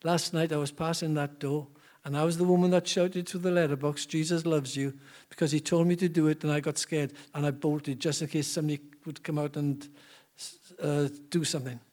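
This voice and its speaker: Brief: sheepish church lady, quick confession, put on by a man. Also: fairly high pitch, steady tone, a little mellow, close to an everyday voice.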